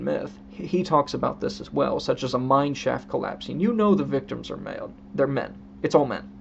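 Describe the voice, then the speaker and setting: A man with a gravelly, fry-edged voice talks through a book review at an easy pace, reading quotes aloud and calling out each emphasis. The recording is dull and lo-fi, with a faint hum underneath. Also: medium pitch. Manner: unhurried, explanatory, with restarts. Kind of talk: casual spoken book review. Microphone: own camera setup.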